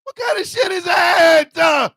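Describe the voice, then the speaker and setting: A man ranting comedically as a show host, loud and animated with shouted bursts. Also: very high-pitched, measured pace, dry recording, studio quality, some chatter behind. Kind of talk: comic rant.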